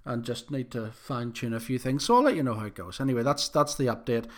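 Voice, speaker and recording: A man hosts his own podcast alone, chatting casually at a middle pitch. He rambles, restarts his sentences and fills the gaps with ums, often poking fun at himself. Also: fast, a little mellow. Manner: rambling, self-deprecating, many fillers and restarts. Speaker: podcast host. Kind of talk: casual solo podcast monologue.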